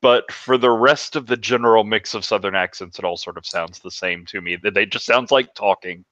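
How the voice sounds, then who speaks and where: A man's voice: lowish voice, a little fast, pushed and bright, no room sound. A man chatting casually on a podcast, hedging his words and laughing easily. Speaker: podcast co-host. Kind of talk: casual chat. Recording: dry, muffled lo-fi mic.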